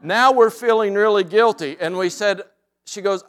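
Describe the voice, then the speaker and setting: A man preaching a sermon, telling stories in a relaxed way and dropping to soft, deliberate emphasis. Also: high voice. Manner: relaxed storytelling that drops to soft, slow emphasis. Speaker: pastor. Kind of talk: sermon with personal anecdote.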